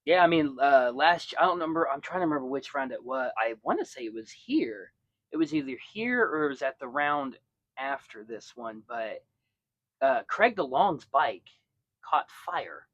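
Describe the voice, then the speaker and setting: A man's voice: medium pitch, lively intonation, normal speed, a bit bright, no room sound, lo-fi sound. A young man hosting a podcast, chatting casually in a rambling way with many restarts and fillers. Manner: rambling, lots of restarts and fillers, storytelling with quoted voices. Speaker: podcast host. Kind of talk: casual chat.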